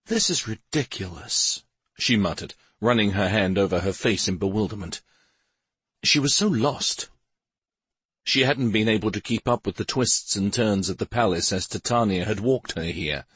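A man narrating a fantasy novel as an audiobook in an expressive, measured storytelling manner. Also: fairly low pitch, husky, no room sound.

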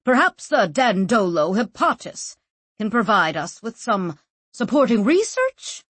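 A woman's voice: medium pitch, very animated, a little slow, fairly bright tone, breathy edge, no room sound, heavily acted. Woman voicing a pointed male council deputy. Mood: challenging. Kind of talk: audiobook character voice.

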